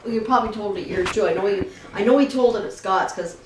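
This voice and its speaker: A woman chatting with family at home, excitedly recalling something. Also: mid-range voice, quick pace, slight background noise. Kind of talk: casual family chat. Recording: echoey room, recorded from far off.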